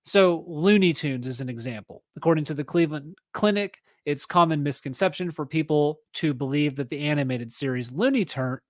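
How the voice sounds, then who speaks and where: A man's voice: medium pitch, no echo. A man in his thirties hosting a solo podcast, reading an article aloud with chatty, self-correcting asides. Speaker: podcast host.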